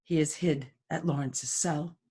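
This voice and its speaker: A woman's voice: deep voice, fairly even intonation, unhurried, mellow, husky. A woman reading the part of an older nurse from a play aloud, in a plain, matter-of-fact way. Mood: reassuring. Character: older female nurse, bustling and comforting.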